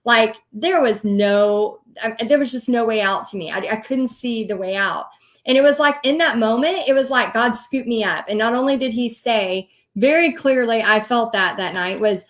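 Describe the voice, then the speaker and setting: Thirties Southern woman host, animated and chatty, somewhat high voice. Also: moderate pace. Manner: animated, chatty, many ums and likes. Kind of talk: casual storytelling livestream.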